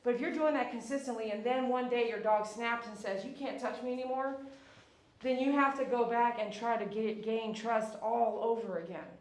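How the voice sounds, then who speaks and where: A woman's voice: fairly high pitch, moderate pace, few pauses. A woman dog groomer giving a chatty, instructive grooming tutorial and sometimes cooing to the dog she works on. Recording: echoey room, faint background noise.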